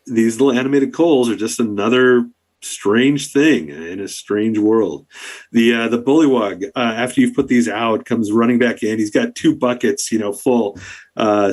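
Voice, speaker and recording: A man narrating a tabletop game as dungeon master, loose and chuckling as he fills in the scene. His voice is husky and sits a little low.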